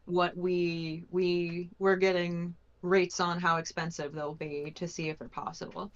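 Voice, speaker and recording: A woman's voice: lowish voice, flat delivery, unhurried, muffled recording. A woman co-hosting a live stream, chatting casually, reading viewer questions and trailing off as she searches for words.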